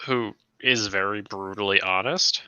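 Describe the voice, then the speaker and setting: A man chatting casually with fellow players about their tabletop campaign, animated and slipping into quick character voices. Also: lowish voice, clear, resonant tone, no echo, lo-fi sound.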